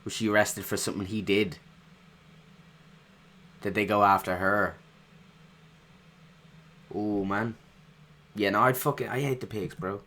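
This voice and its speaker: A man casually reacting to a rap track, excitable and swearing freely, often trailing off mid-thought. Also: on the low side, measured pace, long pauses. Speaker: reaction video host.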